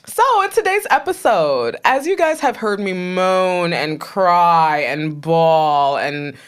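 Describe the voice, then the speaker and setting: Young woman, Trinidad-raised, podcast co-host; animated, laughing, big pitch swings. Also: slow pace, clean tone. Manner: animated, laughs often, playful asides. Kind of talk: casual chat.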